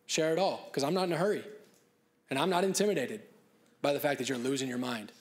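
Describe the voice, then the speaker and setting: A man preaching a conversational sermon as pastor, joking and laughing at himself, then dropping softer and earnest on his key points. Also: on the high side, fast. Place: church stage.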